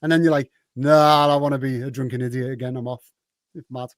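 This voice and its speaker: A man's voice: mid-range voice, fairly even intonation, fast talker, no room sound, clean studio sound. A man with a Liverpool accent, telling loose, swearing, laughing anecdotes in a casual podcast chat and acting out quoted lines. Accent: Liverpool English. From Liverpool, England.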